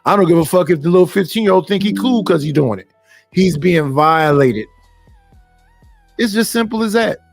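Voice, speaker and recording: A man's voice: sits high, lively intonation, moderate pace, creaky, pauses often, no room sound, clean studio sound, soft background music. A middle-aged man, hosting a live stream and ranting bluntly and profanely, preaching at his listeners. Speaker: stream host. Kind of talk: casual live-stream rant.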